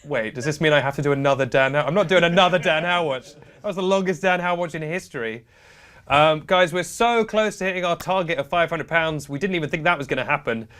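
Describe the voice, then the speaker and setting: A man's voice: a little high, fast. A young man hosting a comedic charity live stream, playful and prone to laughing. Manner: playful, giggly, animated banter.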